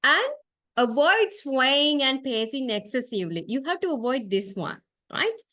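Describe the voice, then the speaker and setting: A woman's voice: high-pitched, sing-song, unhurried, sharp tone, no echo. A woman lecturer giving a classroom lecture, explaining step by step and checking in with "okay?" and "right?". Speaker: university lecturer.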